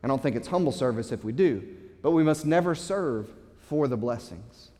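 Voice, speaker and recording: A man's voice: mid-range voice, animated, normal speed, mellow, big-room sound. A man preaching a sermon as pastor, passionate, stressing key words and often repeating himself. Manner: impassioned preaching with swells of emphasis and repeated words.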